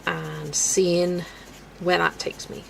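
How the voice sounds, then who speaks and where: A woman's voice: on the low side, little pitch movement, slow, slight background noise, poor audio. A woman hosting a colouring live stream, chatting casually with viewers and giggling often. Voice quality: gravelly creak in the voice. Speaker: colouring livestream host.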